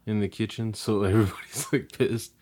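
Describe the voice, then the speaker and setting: A man's voice: fairly low pitch, fairly even intonation, fairly quick, a little mellow. A young man in casual podcast chat, cursing freely and laughing often. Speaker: podcast co-host.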